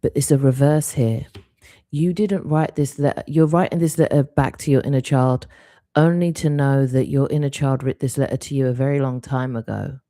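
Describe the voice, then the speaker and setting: A woman hosting a live stream, giving an intuitive card reading in a soft, reflective, unhurried way. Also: very deep voice, fairly even intonation, dry recording.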